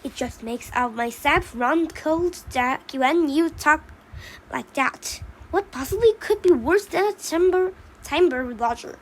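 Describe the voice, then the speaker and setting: A woman's voice: high-pitched, lively intonation, measured pace, low-quality recording. Mama Pine, a woman reading as a fretful mother pine tree. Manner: reads the role labels aloud between lines. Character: worried mother pine tree, female, dramatic.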